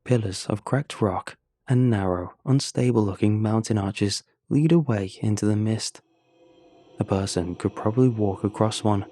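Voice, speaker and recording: A man narrating a first-person horror story in a measured, scripted storytelling manner. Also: on the low side, dark tone.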